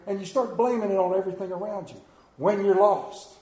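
Pastor, man, high-pitched and mellow, preaches with swelling emphasis; roomy church sound. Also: brisk. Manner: storytelling preacher, rising and falling emphasis. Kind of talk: sermon.

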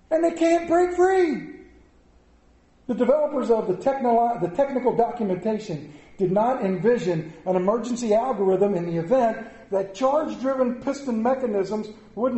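A man preaching a lively sermon, telling stories with jokey asides. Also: sits high, roomy sound, poor audio. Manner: animated storytelling, jokey asides.

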